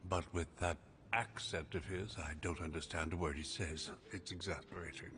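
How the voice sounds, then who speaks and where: A bored statesman with a very deep voice, measured and dry. He craves gossip to pass the time. A faint hiss lies behind him in the game audio. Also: steady tone. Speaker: video game character.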